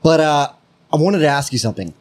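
An American man hosting a podcast, chatting loudly and swearing through casual banter. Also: on the high side, expressive, fast talker. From United States. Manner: loud, laughing, swearing banter. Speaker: podcast host.

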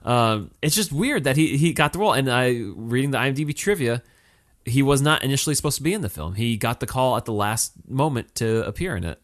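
A man's voice: mid-range voice, animated, fast. A man co-hosting a casual movie review chat, rambling with many restarts and fillers.

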